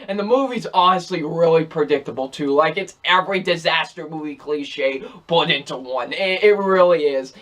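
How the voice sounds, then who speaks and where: A man's voice: on the high side, expressive, moderate pace, fairly bright tone. A young man reviewing movies in a casual, rambling and exasperated way, repeating himself often. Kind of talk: casual ranking video.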